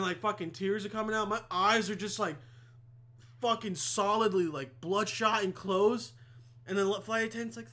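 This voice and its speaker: A man's voice: sits high, moderate pace, pushed and bright. A young man hosting a podcast, telling a rambling, heavily profane story in a casual monologue. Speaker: podcast host.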